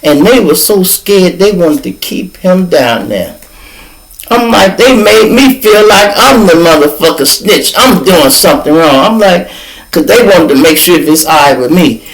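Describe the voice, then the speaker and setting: Lively high-voiced older Chicago man. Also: a little slow, low-quality recording. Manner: animated, profane, sound effects. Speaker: podcast host. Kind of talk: casual storytelling.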